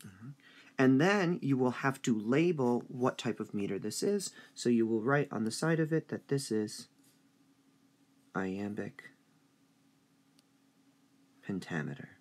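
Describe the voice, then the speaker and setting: A man teaching a high school English review lesson, speaking slowly and deliberately and drawing out stressed syllables. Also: animated.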